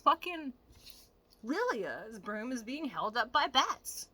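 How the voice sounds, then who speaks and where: A woman vlogger giving animated, profane, casual commentary straight to her viewers. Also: on the high side, slow.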